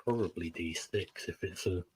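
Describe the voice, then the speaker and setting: A man's voice: low-pitched, normal speed, a little hiss or hum. A man playing in a tabletop game session, casual and wry. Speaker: player.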